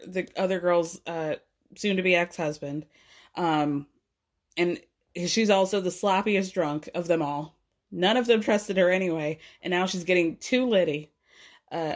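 A woman hosting a podcast, giving a casual, profane, gossipy recap of reality TV with quick asides. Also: medium pitch. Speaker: podcast host.

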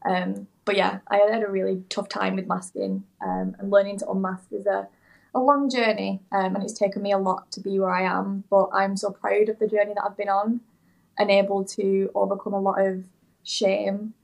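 A woman's voice: medium pitch, normal speed, vocal fry, darkish tone, poor audio. A young woman speaking candidly as a podcast guest over a video call, rambling and heartfelt, with lots of fillers and restarts. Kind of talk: candid interview talk. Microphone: remote video call.

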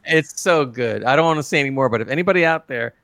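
A man's voice: medium pitch, expressive, fast talker, fairly bright tone. A man co-hosting a podcast, chatting casually and enthusiastically about an episode, often restarting his sentences. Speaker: podcast co-host. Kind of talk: casual review chat.

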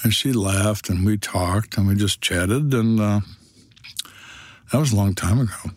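A man's voice: fairly low pitch, measured pace, no echo. An older man, a retired detective, telling stories from his life in a dry, matter-of-fact way. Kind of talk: storytelling monologue.

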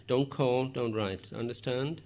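A man's voice: mid-range voice, a little slow, a little mellow, natural voice. A man reading the lines of a stiff, guarded older Irish man who speaks sharply in an audiobook. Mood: curt.

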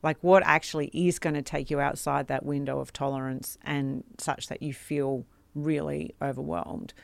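A woman with an Australian accent hosting a podcast conversation, chatty and quick to laugh. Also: deep voice, flat delivery, vocal fry, dry recording. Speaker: podcast host.

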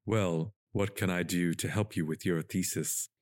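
A man voicing a courteous, teasing giant male Bigfoot in a podcast reading of a monster romance, in a deep, polite voice. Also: steady tone, dry recording, studio quality. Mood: gently teasing. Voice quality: deep, slow and gentle. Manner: polite, playful, a little formal. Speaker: podcast co-host.

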